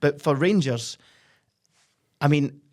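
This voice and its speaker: A Scottish man co-hosting a football podcast, chatting casually with quick, joking banter. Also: a little high, darkish tone. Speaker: podcast co-host.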